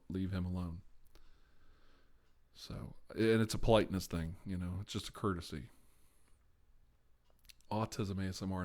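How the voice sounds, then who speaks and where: A man's voice: deep voice, darkish tone. A man hosting an ASMR live stream, rambling in casual chat with frequent laughs and sighs.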